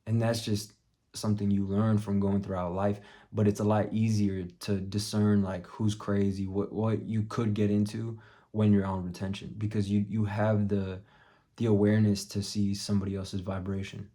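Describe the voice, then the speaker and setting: Young guy with a deep dark voice, cursing a lot while he tells a story, pretty monotone. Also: moderate pace. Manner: profane, blunt, drops to a muttered hush for quoted thoughts. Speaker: vlogger. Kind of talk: casual storytelling vlog.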